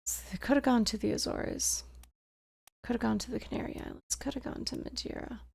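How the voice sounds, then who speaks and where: A woman's voice: on the high side, fairly even intonation, brisk, gravelly, a little mellow, husky. A woman streaming a video game, casually musing aloud to herself and laughing at her own guesses. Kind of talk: casual gameplay commentary.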